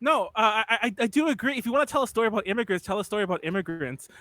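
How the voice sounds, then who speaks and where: Young male co-host, higher pitched, emphatic and argumentative, dry close sound. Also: sharp tone, no room sound. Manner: emphatic, argues in quick restarts. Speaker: podcast co-host. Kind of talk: casual group chat.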